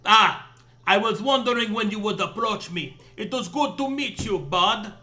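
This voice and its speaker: Sly fancy gator guy w/ fake french accent, a man doing it, high bright voice. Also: lively intonation, normal speed, full character voice. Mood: sly courteous. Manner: theatrical, courteous, chuckling. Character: suave sly male gator informant.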